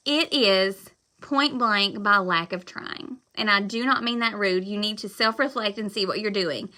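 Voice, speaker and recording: A woman giving a live-stream pep talk to her sales team, loud, emphatic and blunt but apologetic, rambling as she goes. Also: on the high side. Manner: loud and fired up, talks emphatically. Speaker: direct-sales consultant.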